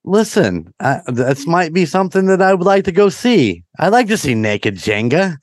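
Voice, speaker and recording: A man's voice: fairly high pitch, big pitch swings, normal speed, dry recording, clean studio sound. A man hosting a paranormal podcast, chatting casually, joking, laughing often and swearing freely. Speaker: podcast host.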